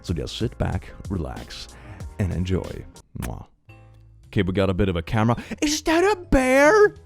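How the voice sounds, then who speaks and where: A man hosts a reaction show and reads posts aloud in a playful, theatrical way. His pitch swings widely and often jumps up into excited squeals. Soft music plays faintly behind him. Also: moderate pace, vocal fry, breathy edge. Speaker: host. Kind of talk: reaction commentary reading posts.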